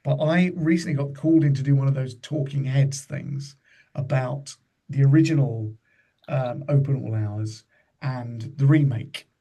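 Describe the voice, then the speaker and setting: A man's voice: mid-range voice, unhurried, dark tone. A man in his fifties, a comedian guest on a podcast, telling chatty anecdotes and slipping into the voices of people he quotes. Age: 50s.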